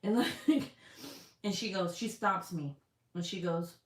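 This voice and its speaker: A young woman with a slightly low voice chats on a live stream, rambling and cursing freely, trailing off into fillers and little laughs. Her voice bounces around a roomy, echoey space. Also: slow, a little hiss or hum. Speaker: vlogger reading live chat. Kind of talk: casual live-stream chat. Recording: roomy echo.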